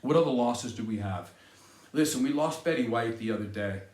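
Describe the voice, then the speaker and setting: A man's voice: medium pitch, animated, a little fast, darkish tone. A middle-aged man hosting a podcast, delivering an indignant, sarcastic solo monologue. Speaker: podcast host. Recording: echoey room.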